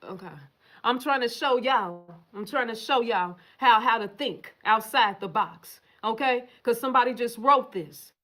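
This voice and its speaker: A woman's voice: on the high side, unhurried, pushed and bright. A woman hosting a casual livestream, reading viewer comments and answering them in a profane, emphatic way straight to her viewers.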